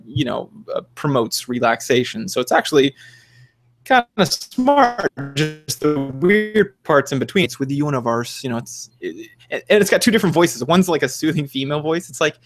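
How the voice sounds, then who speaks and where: A man's voice: medium pitch, brisk. Young man, podcast co-host, casual rambling chat, lots of fillers and restarts.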